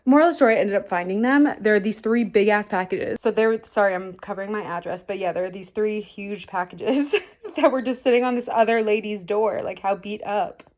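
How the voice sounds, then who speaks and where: A woman's voice: medium pitch, brisk, darkish tone. A young woman in her twenties chatting casually to camera for her vlog, filling her talk with "like". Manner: chatty, says "like" constantly. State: out of breath. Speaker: vlogger.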